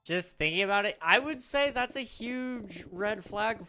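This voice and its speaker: Slow-talking young man streaming live. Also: sits high, lively intonation, bright, forceful tone, smooth. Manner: chatty, talks through pauses with fillers. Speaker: livestreamer. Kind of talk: casual live-stream chat with viewers. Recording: faint background music.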